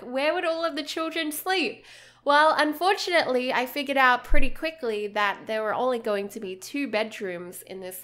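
A woman's voice: high voice, a bit bright. A young Australian woman chatting in a casual, bubbly, rambling way as a game YouTuber. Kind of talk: casual vlog commentary.

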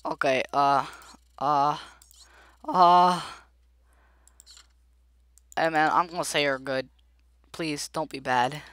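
A gameplay video creator, a woman with a deep, slightly bright voice, talks slowly with fairly even intonation and long pauses, with no echo. Her casual commentary is chatty and jittery as she pleads aloud with the characters and speaks directly to her viewers.

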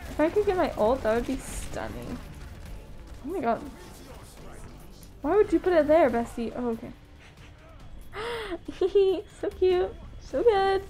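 A woman's voice: sits high, animated, unhurried, pauses often, mellow, soft background music. A woman streaming a game live, chatting bubbly to her chat and laughing often. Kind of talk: live gameplay commentary.

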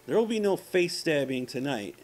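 A man's voice: fairly high pitch, very animated, normal speed, a little mellow, soft background music. A man casually commenting on his gameplay, profane and self-mocking, trash-talking the game's enemies. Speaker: let's play gamer.

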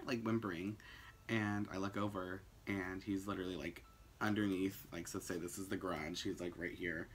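A young man telling a story in a casual, animated way, full of "like" fillers and swearing. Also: sits low, fairly quick, slight background noise. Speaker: vlogger.

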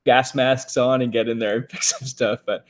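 This is a man co-hosting a weekly live stream, chatting with viewers in a relaxed way. His talk is loose and friendly, with frequent ums and likes as he thinks aloud. He speaks at a medium pitch. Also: moderate pace, slight background noise. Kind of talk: casual live-stream chat.

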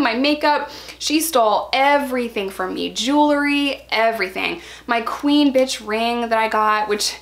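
Chatty storytelling woman, fairly high voice. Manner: animated, acts out quoted lines in a raised voice; chatty, frequent "like" fillers. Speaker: vlogger. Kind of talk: casual personal storytelling.

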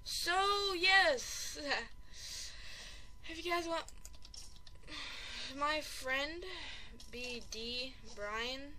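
A very high, bright voice from a woman calling out a video game as she plays it. She gets excitable and panicky, piles up repeated exclamations and keeps joking about how bad she is at the game, with a faint hiss under the recording. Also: extremely slow, long pauses. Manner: self-deprecating chatter. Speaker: gaming channel host. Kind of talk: live gameplay commentary.

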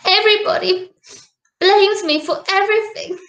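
A squeaky little storybook princess who whines that she didn't do it, as a woman reads her part. Her voice sits very high and sharp, and she drags out her protests. The room rings with an echo. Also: big pitch swings, slow, heavily acted. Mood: whiny. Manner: whiny, insistent. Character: little girl princess, sulky, always blamed.

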